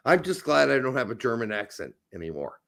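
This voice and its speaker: A man co-hosting a podcast in casual, crude chat, loud and excitable. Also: mid-range voice, brisk, vocal fry. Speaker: podcast co-host.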